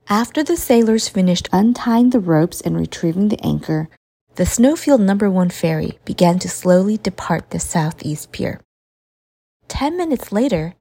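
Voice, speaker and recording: Husky, expressive woman reading a kids' story. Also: lowish voice, moderate pace. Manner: expressive, sing-song storytelling. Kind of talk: children's story narration.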